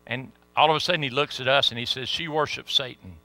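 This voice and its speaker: Preacher, middle-aged man, bright and sharp tone, dry close sound, folksy storyteller. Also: mid-range voice, steady tone, fast, dry recording. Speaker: pastor. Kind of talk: sermon storytelling.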